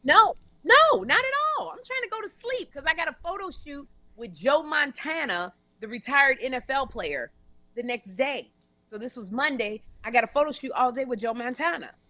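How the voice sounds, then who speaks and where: A woman talk show host and comedian telling a story on a casual live stream from a hotel room. She talks in an animated, emphatic way and repeats words for emphasis. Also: on the high side, no echo.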